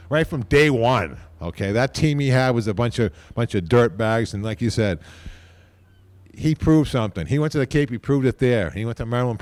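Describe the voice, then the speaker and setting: A man speaking at a podium microphone during an induction ceremony, rambling informally, repeating himself and tagging lines with a quick "okay?". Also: mid-range voice, dry recording. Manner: repeats words and restarts often. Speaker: team executive giving induction speech.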